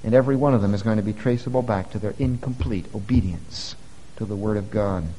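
A man preaching a sermon as a pastor, earnest and rising to forceful emphasis. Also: on the low side, fast talker, a little hiss or hum. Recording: long reverb of a church hall.

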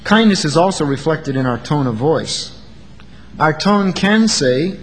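Animated man preaching in a reverberant hall. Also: a little high, a little slow, a little hiss or hum. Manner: earnest, animated, acts out quoted lines. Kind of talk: sermon.

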